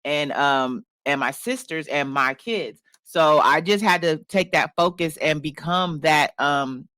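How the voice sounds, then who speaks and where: A man's voice: a little high, unhurried, pushed and bright, smooth, no echo. A man, a guest on a casual radio talk show, speaking openly and reflectively, sometimes blunt and profane. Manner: open, reflective, blunt with swearing.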